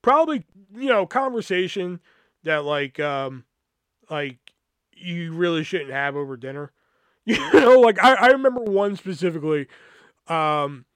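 A man's voice: sits high, sing-song, measured pace, a bit bright, smooth, no room sound, clean studio sound. A man hosting a podcast, telling a personal story in a rambling, profane, casual way full of fillers. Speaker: podcast host.

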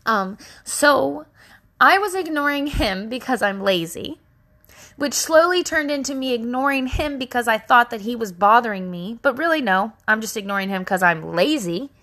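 A woman in her thirties with a bright, lively tone tells a story straight to the mic. She is frank and casual, swears freely, and pokes fun at herself. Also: on the high side, normal speed. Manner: self-deprecating, laughs at herself. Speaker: podcast host. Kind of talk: candid storytelling monologue.

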